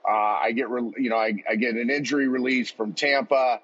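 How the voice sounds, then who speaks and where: A man's voice: medium pitch, fairly even intonation, fairly quick, fairly bright tone, breathy edge. A man in his forties, a podcast guest, telling a heartfelt personal story in an earnest, rambling way with many restarts. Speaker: podcast guest, football coach. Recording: dull lo-fi audio.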